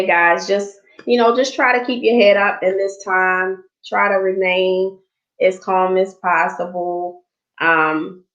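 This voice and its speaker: Woman guest on an online show, mid pitch, laid back, lots of "um" and "you know", kinda muffled audio. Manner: relaxed, chatty, filler-heavy. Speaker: guest content creator. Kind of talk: casual online interview.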